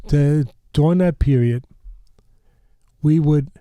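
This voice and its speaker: Dark-voiced older man telling stories. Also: a little high, slow pace. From New York. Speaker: boxing trainer, podcast guest. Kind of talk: animated storytelling.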